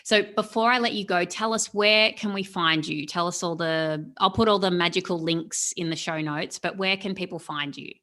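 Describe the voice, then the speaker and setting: A woman's voice: on the low side, fairly even intonation, normal speed, few pauses, fairly bright tone. A woman hosting an interview podcast and coaching her listeners, speaking in an effusive, encouraging way.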